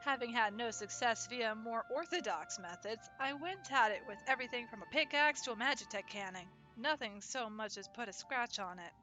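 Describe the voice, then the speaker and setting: A woman reading male game characters' dialogue aloud in a plain, unhurried voice. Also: a little high, bright, forceful tone, soft background music. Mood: matter-of-fact.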